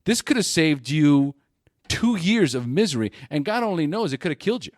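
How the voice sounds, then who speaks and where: A male podcast host with a lively, swinging voice that rises and falls freely. He talks in a blunt, casual way, cursing without hesitation. The sound is dry and close, with no room around it. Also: fairly high pitch, a little fast, dry recording. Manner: animated, blunt, swears freely. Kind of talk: casual interview chat.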